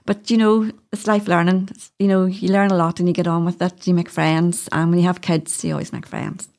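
A woman's voice: lowish voice, little pitch movement, brisk, darkish tone. A middle-aged woman with a Northern Irish accent, a doula telling her story in a chatty interview, laughing often. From Northern Ireland. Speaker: doula, podcast guest. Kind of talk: casual interview chat.

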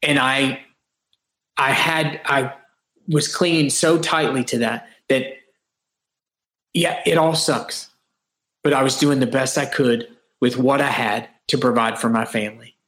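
A man's voice: mid-range voice, fairly even intonation, measured pace, long pauses, fairly bright tone. A man guesting on a podcast, talking earnestly and reflectively in long runs with frequent restarts. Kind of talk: casual interview chat. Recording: roomy echo.

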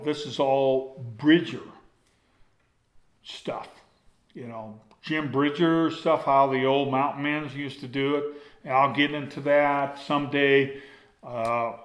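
A man's voice: medium pitch, fairly bright tone. An older man, a former hunting guide, telling a rambling personal story in a folksy way, often drifting off and circling back. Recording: roomy echo.

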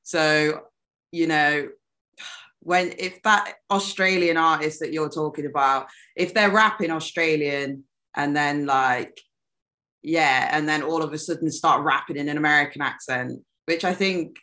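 A young woman musician chatting as an interview guest, animated and laughing often, often trailing off mid-sentence. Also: sits low, unhurried. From United Kingdom. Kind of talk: casual interview chat.

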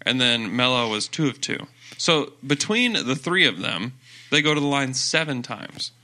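A man's voice: mid-range voice, very animated, sharp tone. A man co-hosting a podcast in casual sports chat, rattling off stats and joking along. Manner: quick, stats-focused, joking. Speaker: podcast co-host.

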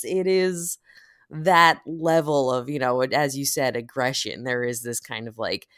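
A woman in casual conversation, telling stories with lots of laughter and loud acted-out quotes. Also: extremely low pitch, unhurried, smooth, no echo, studio quality. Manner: animated storyteller, laughs often, acts out quotes loudly. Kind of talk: casual chat.

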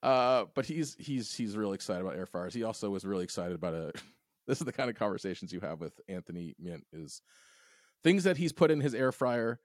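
Low-voiced man in easygoing chat. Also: very animated, fairly quick, dry recording, clean studio sound. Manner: easygoing, laughs often between phrases. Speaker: podcast co-host. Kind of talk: casual chat.

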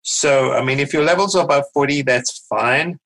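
South African doctor explaining calmly. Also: male voice, mid-range voice, creaky, rough recording. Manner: measured, explanatory, with small restarts. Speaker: guest physician. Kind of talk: podcast interview, explaining.

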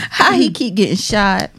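A woman co-hosting a casual podcast chat, commenting in an animated, exasperated way. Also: medium pitch, heavy background noise. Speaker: podcast co-host.

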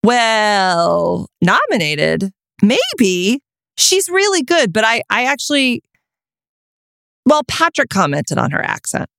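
A woman co-hosts a podcast in loose, casual chat. Her pitch rises and falls a great deal as she talks, and she often trails off mid-thought. Her voice sounds dry and close, with no room behind it. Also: takes it slowly, gravelly, no room sound. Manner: chatty, animated, trailing off mid-sentence. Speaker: podcast co-host.

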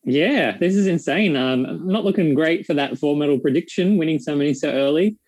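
A man's voice: fairly high pitch, brisk, darkish tone, dry recording. A man co-hosting a casual chat, making dry, wry remarks. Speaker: co-host.

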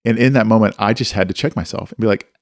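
A man speaks candidly and pokes fun at himself, with a fairly low voice. He tells stories from home in a plain, unhurried way. The sound is dry, right on the mic. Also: gravelly, dry recording. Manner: candid, self-deprecating, anecdotal. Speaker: co-host and father. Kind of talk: casual faith-based discussion.

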